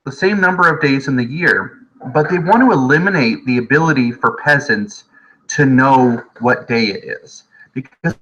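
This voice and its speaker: A man teaching history from home in a casual, jokey lecture, often slipping into quick voices of historical people. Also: medium pitch, sharp tone, highs cut off.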